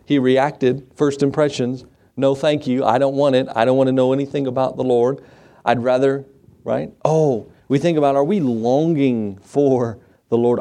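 A man's voice: mid-range voice, darkish tone. A man preaching a sermon, folksy and full of questions to his congregation. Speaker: pastor.

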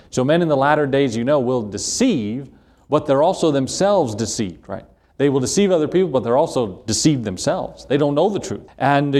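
A man's voice: medium pitch, a little mellow. A middle-aged man, a pastor, preaching a sermon, telling folksy stories, reading Scripture aloud and repeating key phrases for emphasis.

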